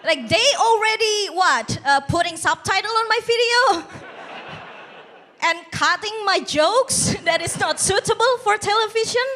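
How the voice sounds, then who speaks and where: A woman's voice: very high voice, pushed and bright, slight background noise. A young woman performing a stand-up comedy routine on a TV competition stage, with a bold, teasing, self-mocking delivery.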